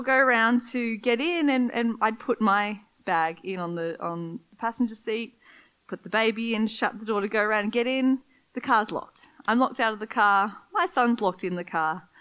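A woman's voice: medium pitch, fairly bright tone, clean tone, low-quality recording. A woman preaching a sermon, reading scripture and telling personal stories in a candid, conversational way.

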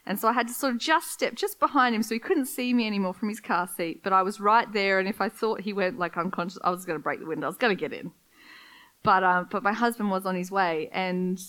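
A woman's voice: mid-range voice, fairly bright tone, low-quality recording. A woman preaching a sermon, reading scripture and telling personal stories in a candid, conversational way.

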